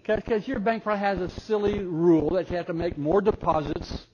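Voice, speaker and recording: An older man speaking at a parenting seminar, a folksy storyteller who quizzes the audience and swings from loud excited bursts to soft, close asides. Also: high voice, a little fast, dull audio, background noise. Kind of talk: live seminar talk with audience questions.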